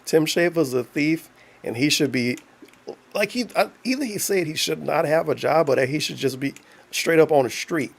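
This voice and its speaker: A man's voice: on the high side, expressive, moderate pace, creaky. Mocking, profane man streaming commentary. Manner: mocking, profane, reads chat aloud. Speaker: streamer reacting to a video. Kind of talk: casual live-stream commentary.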